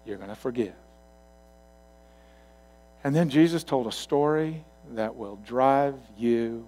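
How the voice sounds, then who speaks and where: A male pastor giving a sermon in a conversational storytelling way, swinging from loud to quiet asides. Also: medium pitch.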